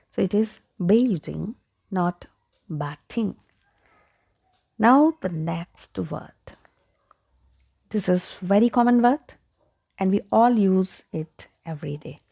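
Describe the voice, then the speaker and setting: A woman gives a pronunciation lesson at an unhurried pace. She repeats each word over and over, and her voice has a gravelly edge. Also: medium pitch, warm tone. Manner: slow, repeats each word several times. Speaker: English pronunciation teacher.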